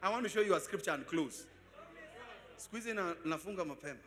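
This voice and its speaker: A man preaching a sermon as pastor, asking the congregation questions and swelling into sung shouts. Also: sits high, animated, fast talker. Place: church service.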